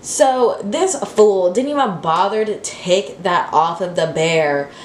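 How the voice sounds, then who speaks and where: Girl telling a storytime, dramatic and chatty, slightly low voice, roomy with faint hiss. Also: slow pace. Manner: animated, dramatic storytelling with constant fillers. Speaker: vlogger. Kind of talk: storytime vlog.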